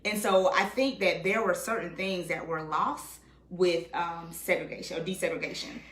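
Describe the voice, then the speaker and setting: A woman guest in a casual conversation, talking in an animated way, acting out quotes and often checking in with "right?". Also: lowish voice, moderate pace, echoey room.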